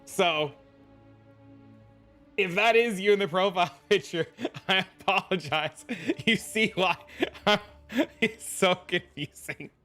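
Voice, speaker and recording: Animated young man streaming and chatting. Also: high-pitched, a little slow, soft background music. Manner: animated storytelling, laughs often, swears casually. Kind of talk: casual game-stream chat.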